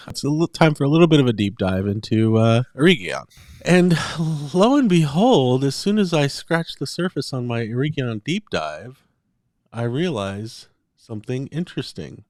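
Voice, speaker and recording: A man talking casually on a podcast, with a steady middle pitch. He rambles a bit, circles back and starts sentences over. The sound is dry and close to the mic. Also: normal speed, no echo. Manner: chatty, reads passages aloud, frequent fillers and restarts. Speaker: podcast co-host. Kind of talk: casual chat.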